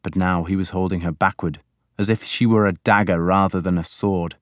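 A man narrating an audiobook in a measured, deliberate way. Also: sits low, steady tone, dry recording, clean studio sound.

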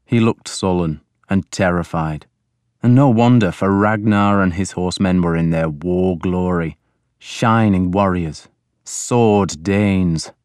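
Low slow guy reading an audiobook, dry close sound. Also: a little mellow, clean tone, dry recording. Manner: measured, deliberate. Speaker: narrator. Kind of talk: audiobook narration.

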